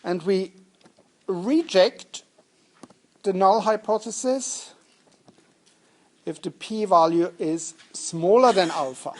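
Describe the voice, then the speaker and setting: A male university lecturer talks at an unhurried, deliberate pace. He teaches in a lecture room, keeping things light with jokes and turning often to the students with questions. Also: sits high. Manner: jokey and interactive, questions the students. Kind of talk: lecturing on statistics.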